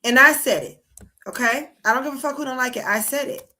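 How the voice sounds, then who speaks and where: Broadcasting a political livestream while traveling abroad, a woman rants in a heated, profane, casual way. Her voice is high and sharp, and she talks a little fast.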